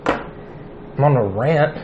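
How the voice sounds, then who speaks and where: A man's voice: medium pitch, extremely slow. A man co-hosting a casual podcast chat, silly and jokey, slipping into playful quoted voices. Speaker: podcast co-host. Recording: dull lo-fi podcast audio with faint noise.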